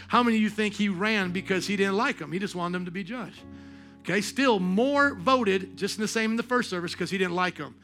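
A high-pitched man delivers a church sermon, bright and sharp in tone. He swings from hushed, confiding lines to impassioned shouts and questions his congregation directly. Soft music plays underneath. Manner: passionate preaching that swings from quiet to shouting. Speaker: pastor. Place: church service.

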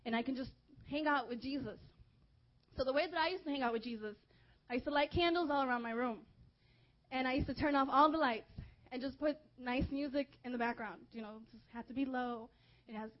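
A young woman preaching a sermon, telling a personal story in a lively, chatty way with lots of "like"s. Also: a little high. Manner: lively, chatty, many filler "like"s. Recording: dull lo-fi recording.

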